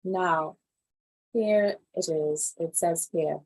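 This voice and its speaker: A woman hosting a live animal news show, reading stories aloud and reacting to them in casual, animated commentary. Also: on the low side, extremely slow. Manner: animated, reacts loudly then drops to quiet asides.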